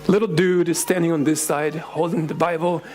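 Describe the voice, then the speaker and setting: A middle-aged male pastor tells a story in a sermon to young adults, animated and laughing as he acts out voices. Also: fairly high pitch, moderate pace.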